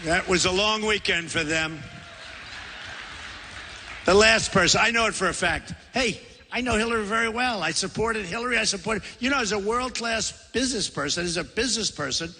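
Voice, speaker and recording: A man's voice: sits high, bright, forceful tone. Boastful rambling man in a big hall. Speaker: political candidate. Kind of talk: campaign rally speech. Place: large convention center. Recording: long hall reverb.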